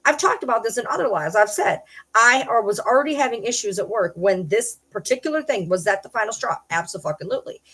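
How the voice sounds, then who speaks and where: A woman's voice: on the high side, lively intonation, fast, fairly bright tone, slightly rough. A middle-aged woman hosting a livestream, ranting in an agitated way, swearing and repeating herself. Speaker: livestream host. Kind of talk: livestream rant.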